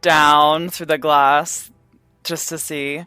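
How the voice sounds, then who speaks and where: A tabletop game player speaking in a measured, cautious way. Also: medium pitch, little pitch movement, pushed and bright, clean tone, no room sound, soft background music. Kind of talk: casual tabletop play.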